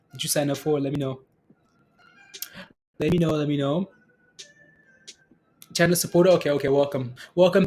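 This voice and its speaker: A man's voice: on the high side, a little mellow. A man hosting a live stock trading stream, chatting casually with viewers, often laughing and repeating himself. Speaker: stock trading livestream host.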